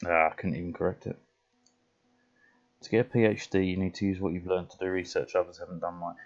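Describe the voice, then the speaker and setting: British male streamer, very low voice, blunt and sweary, dull lo-fi mic sound. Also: little pitch movement, fast. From Britain. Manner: blunt, sweary, laughs often. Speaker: game streamer. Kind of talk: casual chat while gaming.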